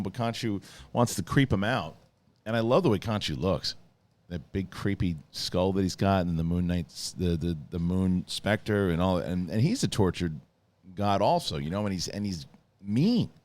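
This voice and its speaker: Male TV reviewer and host, slightly low voice, chatty, excited, talks in loose restarts and asides. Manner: rambling, lots of restarts and asides, enthusiastic. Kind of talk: casual spoiler review monologue.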